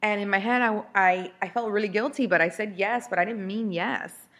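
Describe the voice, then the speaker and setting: A woman's voice: medium pitch, brisk, fairly bright tone. A woman in her thirties hosting a podcast, telling a personal story in a candid, chatty way with frequent restarts. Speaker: podcast host.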